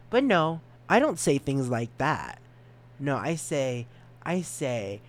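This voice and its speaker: Man, 20s, solo podcast host, casual rambling, self-mocking, stumbles and repeats words, sudden loud high bursts, middle pitch. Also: takes it slowly. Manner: animated jumps in pitch and volume.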